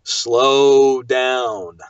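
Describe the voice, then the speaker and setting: A man's voice: medium pitch, fairly even intonation, drawn-out words, smooth, no room sound, far from the mic. Man, audiobook narrator guest, emphatic storyteller, muffled lo-fi, dry. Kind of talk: casual chat. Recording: dull lo-fi dry recording.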